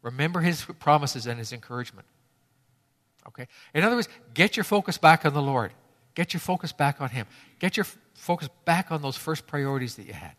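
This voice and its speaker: A man's voice: a little high, lively intonation, fairly quick, fairly bright tone, big-room sound. A man preaching a sermon to his congregation, emphatic and fond of repeating key phrases for effect. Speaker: pastor.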